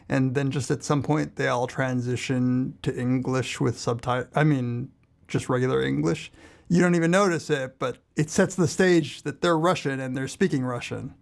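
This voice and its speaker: A man's voice: medium pitch, creaky. A man in casual podcast chat, making wry, opinionated asides. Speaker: podcast co-host or guest.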